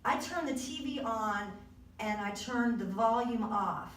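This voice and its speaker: A woman's voice: fairly high pitch, unhurried, fairly bright tone, recorded from a distance. A woman with a Southern US accent, an author talking casually and folksily to a party crowd. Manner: chatty, folksy, rambling. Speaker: author at her book release. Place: arts center event room. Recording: echoey room recorded from afar.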